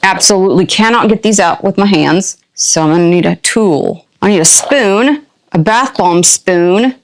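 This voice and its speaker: An older woman hosting a casual unboxing, chatty and playful with quick asides and a jokey put-on country twang. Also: medium pitch. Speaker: unboxing channel host. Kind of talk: casual product unboxing chat.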